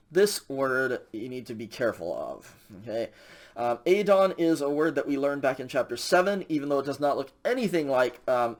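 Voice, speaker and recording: A man teaching a recorded language lecture, walking through grammar patiently with frequent ums and okays. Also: medium pitch. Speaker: Greek instructor.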